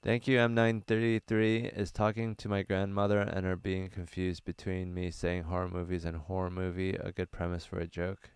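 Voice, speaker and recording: A young man talks in a low, smooth voice, wandering through his answers with plenty of ums and uhs. He sounds earnest and off-the-cuff as he chats with viewers. The sound is dry and close, recorded inside a small van. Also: level tone, normal speed, few pauses, no room sound. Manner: rambling, filler-heavy, earnest. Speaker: stand-up comedian. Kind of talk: casual livestream Q&A.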